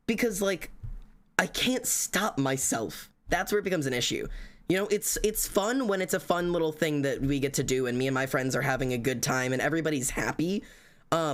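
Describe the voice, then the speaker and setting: A man venting to his livestream chat in a rambling, self-critical rant, swearing heavily and restarting his sentences often. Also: high-pitched.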